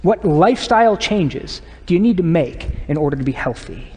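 Man, pastor, sermon, slightly high voice, earnest and conversational, long church reverb. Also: animated, moderate pace. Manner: earnest, conversational preaching that drops to hushed tones. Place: church sanctuary.

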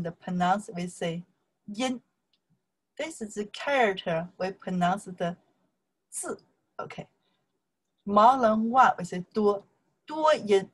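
A woman with a Chinese accent teaching Chinese, speaking English as a second language and patiently repeating words and tones. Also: mid-range voice. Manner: slow and patient, repeating words and tones, often checking with "okay" and "right". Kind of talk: slow casual language lesson.

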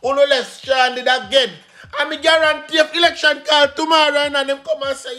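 A Jamaican man hosting online news, reading reports and breaking into lively patois commentary. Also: very high-pitched, moderate pace, soft background music. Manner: animated, switches between read news and banter.

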